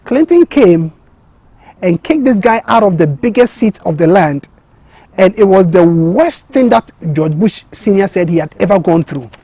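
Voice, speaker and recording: A man delivers a motivational talk with a high, husky voice and a mellow tone. He talks with passion, repeats words and restarts sentences, and climbs to excited peaks. The sound is dry and close. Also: unhurried, dry recording. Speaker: speaker giving a motivational talk.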